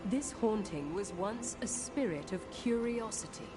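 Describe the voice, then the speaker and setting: A woman voicing a formal female quest-giving game character who speaks in a measured way. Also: mid-range voice, animated, natural voice. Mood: earnest. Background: game music.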